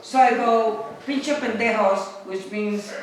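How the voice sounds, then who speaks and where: A woman's voice: on the high side, steady tone, measured pace. Older woman from Puerto Rico, chatty, echoey crowd. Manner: chatty, digressive, laughs as she talks. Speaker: guest telling a story at a memorial gathering. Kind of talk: casual anecdote to a group. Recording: echoey room, far from mic, loud crowd.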